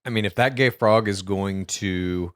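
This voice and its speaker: Low-voiced laid-back male podcast host. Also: a little slow, fairly bright tone, clear, resonant tone. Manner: laid-back, swearing, says dude. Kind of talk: casual chat.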